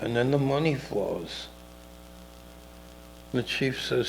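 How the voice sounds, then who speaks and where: A middle-aged man tells a loose, meandering story on a casual talk show, slipping into the voices of its characters. His voice has a gravelly edge and sits at an ordinary pitch. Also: unhurried, a little hiss or hum, rough recording. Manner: rambling, acts out characters in dialogue. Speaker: podcast co-host telling a story.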